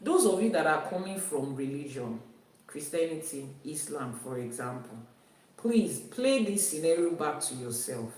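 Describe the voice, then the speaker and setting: A woman's voice: deep voice, expressive, normal speed, a little mellow. A woman teaching about Ifa spirituality in an emphatic way, repeating her key phrases. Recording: very echoey room, voice from a distance.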